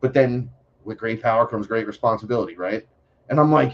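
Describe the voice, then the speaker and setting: Excitable profane man, slightly muffled. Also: mid-range voice, brisk. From New York City. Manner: animated, profane, acts out voices in his stories. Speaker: podcast guest. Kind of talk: casual interview storytelling.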